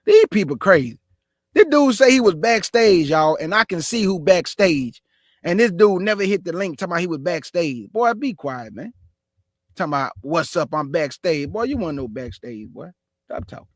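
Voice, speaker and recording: A man with a Houston, Texas accent hosts a religious talk show with forceful, aggressive passion. His voice sits high for a man. It sounds close and dry. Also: expressive, normal speed, no room sound. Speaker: show host.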